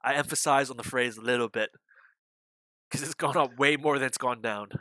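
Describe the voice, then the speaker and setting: A man's voice: medium pitch, normal speed, bright, forceful tone, no room sound. A man hosting a live day-trading stream, chatting casually and rambling with frequent restarts and the odd swear. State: hiccuping. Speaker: day trading livestream host. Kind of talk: casual market chat.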